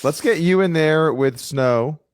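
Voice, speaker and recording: A man's voice: on the high side, unhurried, clear, resonant tone, no room sound, clean studio sound. A man co-hosting a podcast, teasing and wry in casual chat. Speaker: podcast co-host.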